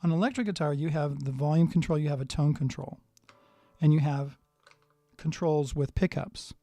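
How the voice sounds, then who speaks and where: Relaxed man teaching guitar. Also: a little high, moderate pace, no room sound. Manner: relaxed, thinking aloud while tuning. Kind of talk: live-streamed guitar lesson. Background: guitar playing.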